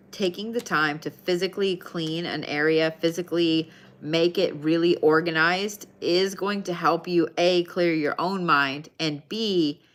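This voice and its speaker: A chatty woman leads a live card reading stream. Her voice sits a little low, and she talks to each viewer by name in a casual, easygoing way. She drifts between guidance and small asides. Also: fairly bright tone. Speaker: tarot card reader.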